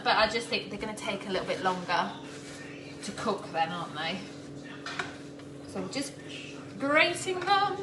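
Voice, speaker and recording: A cooking vlogger chats with live viewers while cooking in her home kitchen, laughing often. Her voice is on the high side and recorded from a distance, with background noise, kitchen echo, and clattering pots.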